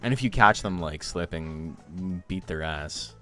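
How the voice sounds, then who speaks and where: Faint music sits behind this young man's low-pitched, sharp-toned voice, which is lively in intonation but a little slow. As a streamer and game tournament host, he chats casually on stream, rambling with plenty of fillers and laughing often.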